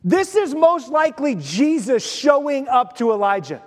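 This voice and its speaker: Male pastor, high voice, animated storyteller, long hall reverb. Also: moderate pace. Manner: animated storytelling, acts out voices, drops to a soft hush. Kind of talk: sermon.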